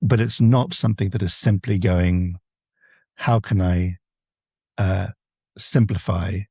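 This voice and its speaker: Low gravelly man explaining translation. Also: fairly even intonation, slow pace, mellow, dry recording, studio quality. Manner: thoughtful, explains with examples. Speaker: translator guest. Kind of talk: podcast interview.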